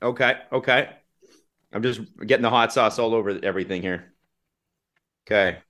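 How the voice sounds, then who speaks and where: A man hosting a casual chat while tasting hot sauce, whooping loudly at the heat, his nose running. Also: lowish voice, normal speed. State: nose running from spicy food. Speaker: host.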